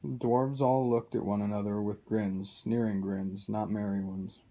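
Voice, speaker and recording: A man reading a children's novel aloud in a steady, unhurried way. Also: lowish voice, muffled recording. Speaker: reader.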